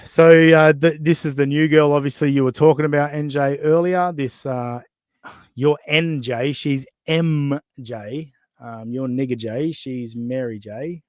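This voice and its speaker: A man's voice: medium pitch, steady tone, a little slow, dry recording, studio quality. A man with an Australian accent hosting a podcast, chatting casually, mocking and laughing often as he reacts to clips. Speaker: podcast host.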